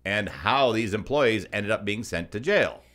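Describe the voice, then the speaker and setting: A man's voice: lowish voice, animated, measured pace, fairly bright tone. A man co-hosting a scripted consumer news commentary, reading reports and adding sarcastic asides. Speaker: co-host.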